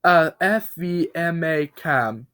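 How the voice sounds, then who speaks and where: A man's voice: on the high side, animated, slow, pitched above the performer's own voice. A man voicing an unhinged cartoon builder who rants and screams in a raised, manic voice. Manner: yelling, manic, ranting.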